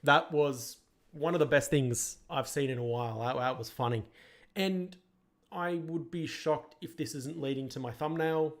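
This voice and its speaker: A man's voice: a little high, moderate pace. A man hosting a podcast, giving casual review commentary in an opinionated, critical way that rambles with restarts. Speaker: podcast host.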